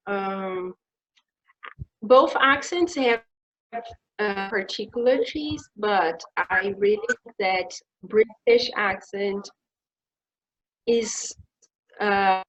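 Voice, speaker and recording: A Brazilian woman, an English teacher speaking English with a Brazilian accent, calmly explaining study tips in a casual online conversation. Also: medium pitch, muffled recording. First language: Portuguese. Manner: measured, explanatory, gives tips.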